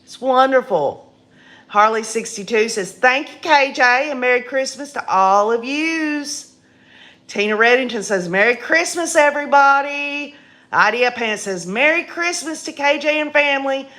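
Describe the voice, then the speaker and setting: An older woman with a raspy voice, hosting a casual live stream in a folksy, chatty way and reading viewer comments aloud. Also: high voice, lively intonation, a bit bright. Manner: slow, folksy and chatty, laughing often.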